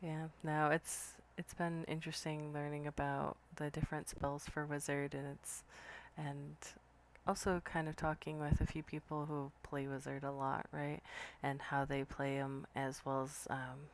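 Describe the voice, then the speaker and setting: A woman's voice: deep voice, level tone, a little slow, a little hiss or hum. A woman hosting a podcast interview, chatty and casual, with lots of "like" and "kind of". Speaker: podcast host.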